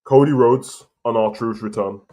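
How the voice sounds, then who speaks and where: A man's voice: mid-range voice, measured pace, mellow. Heated man ranting about wrestling. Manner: heated, repetitive, argumentative. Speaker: wrestling commentary host. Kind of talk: casual opinion rant to camera.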